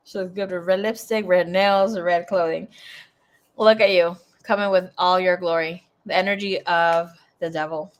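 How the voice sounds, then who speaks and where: A woman giving a casual tarot reading in a chatty, blunt way, swearing freely as she talks. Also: medium pitch. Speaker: tarot reader.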